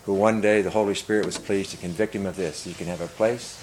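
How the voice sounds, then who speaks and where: An older man preaching, telling a story earnestly and rising to loud emphasis. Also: deep voice, steady tone, quick pace, slight background noise, low-quality recording. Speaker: pastor. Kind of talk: sermon storytelling.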